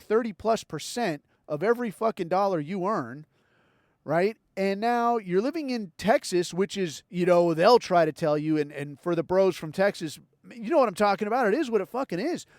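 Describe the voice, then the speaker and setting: Podcast host, male, high-pitched, riled up and cursing, acts out both sides of the argument, dry sound. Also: dry recording. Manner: heated, swears constantly, acts out other people's lines. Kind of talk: profane opinion rant.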